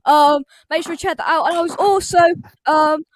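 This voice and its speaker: High-voiced rambling male host. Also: moderate pace, slight background noise, poor audio. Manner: filler-heavy, rambling. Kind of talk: casual livestream chat.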